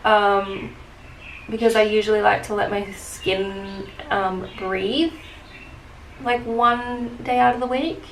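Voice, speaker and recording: A woman's voice: mid-range voice, takes it slowly. A young woman chatting casually while doing her makeup, telling a story with lots of fillers. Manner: chatty, many fillers, animated retelling. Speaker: beauty vlogger. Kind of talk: casual get-ready-with-me storytelling. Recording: echoey room with faint hiss.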